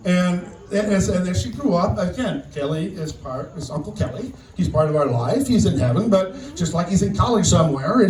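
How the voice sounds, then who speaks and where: An older man giving a memorial speech as guest speaker, telling a personal story in a halting way, often repeating words. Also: high-pitched, a little mellow. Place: outdoor memorial gathering. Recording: distant echoey sound with faint noise.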